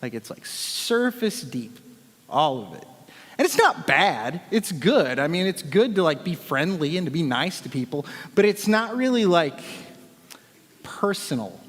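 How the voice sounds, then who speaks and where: A man's voice: a little high, big pitch swings, unhurried, in a large hall. A man, a worship leader, giving a casual, joking sermon talk full of fillers. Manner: chatty, joking, with many fillers.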